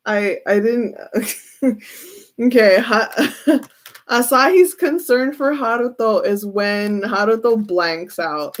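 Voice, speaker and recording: Her voice sits on the high side and she takes her time, laughing and giggling frequently while giving a relaxed tarot reading.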